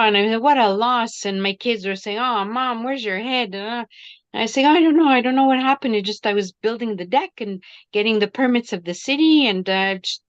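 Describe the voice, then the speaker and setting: A middle-aged woman tells a personal story over a video call, acting out what people said in lively turns. Her voice is smooth and clear and sits a little high. The audio is dull and dry, like a muffled call. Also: dry recording. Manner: animated, acts out quoted dialogue. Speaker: workshop participant. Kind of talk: casual storytelling.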